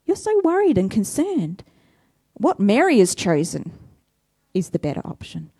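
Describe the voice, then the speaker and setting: A woman preacher voicing a calm male teacher who gently corrects a worried woman, in a reassuring manner. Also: medium pitch, measured pace, slightly rough, no room sound, studio quality, heavily acted. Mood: gentle.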